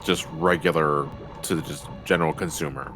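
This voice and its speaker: A man's voice: a bass voice, fairly even intonation, fairly quick, over music. A man hosting a gaming livestream, chatting casually and reading out donations with jokes and swearing. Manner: profane, joking and laughing often. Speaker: livestream host.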